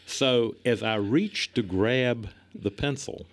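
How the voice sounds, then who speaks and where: A middle-aged man telling stories in a casual chat, animated and chuckling, acting out the lines he quotes. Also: medium pitch, slow pace, slight background noise.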